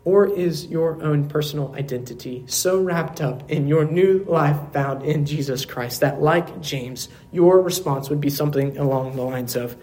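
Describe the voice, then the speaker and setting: Pastor guy preaching in church, earnest, kinda higher voice, lots of questions then goes quiet for emphasis. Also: measured pace, hardly any pauses. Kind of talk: sermon. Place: church service.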